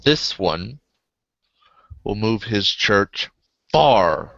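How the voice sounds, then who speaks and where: A man voicing a formal, courteous male vampire doctor in a tabletop game, speaking in a measured way. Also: on the low side, animated, gravelly, a bit bright, no room sound, exaggerated voice. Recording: dry, muffled lo-fi recording.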